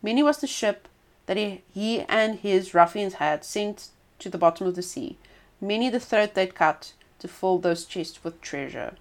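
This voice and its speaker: A woman's voice: medium pitch, normal speed. Woman reading a folk tale aloud. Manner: expressive reading with small restarts. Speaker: storyteller.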